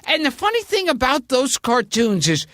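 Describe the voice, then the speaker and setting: A man's voice: extremely high pitch, wildly swooping pitch, normal speed, fairly bright tone, no room sound, studio quality. A male comedian hosting a podcast, chatting casually and rambling through anecdotes. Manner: rambling, anecdotal, with frequent laughs. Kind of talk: casual chat.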